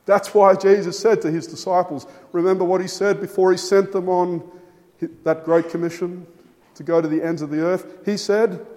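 A man preaching a sermon, emphatic, with his voice rising and falling for stress and measured pauses. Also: sits high, a little mellow. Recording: long hall reverb.

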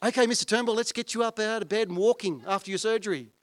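A man voicing an eager, overconfident young male hospital physio who talks in a brisk, chirpy way. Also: sits high, a bit bright, voice pushed up.

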